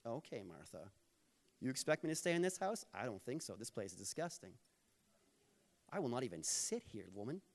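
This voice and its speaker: A sniffy fussy guest, as a preacher puts him on. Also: male voice, mid-range voice, big pitch swings, a little fast, pauses often, long reverb tail. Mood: disdainful. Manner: sniffy, dismissive. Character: fussy scornful male guest inspecting for dust.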